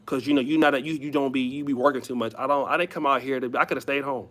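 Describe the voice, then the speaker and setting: A man's voice: medium pitch, steady tone, rapid-fire, a bit bright, natural voice. A man mimicking a demanding young woman nagging her boyfriend, sweet and rude at the same time.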